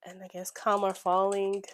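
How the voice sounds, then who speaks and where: A slightly hoarse woman, chatting excitedly with viewers while walking through her budget at home. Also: medium pitch, no echo. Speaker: budgeting YouTuber. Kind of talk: casual chat while budgeting. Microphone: desk microphone.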